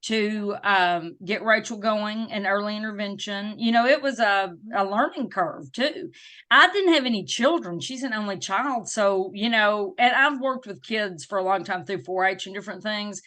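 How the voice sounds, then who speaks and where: A middle-aged woman with a Southern US accent, a guest telling a personal story in an interview with emphatic, faith-filled warmth. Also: medium pitch, moderate pace. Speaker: guest, disability advocate.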